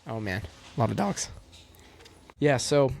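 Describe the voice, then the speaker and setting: A man's voice: mid-range voice, expressive, measured pace, creaky, very noisy. A young man, a race car driver, telling a personal story in a casual, reflective way with lots of fillers. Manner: reflective, rambling with many fillers.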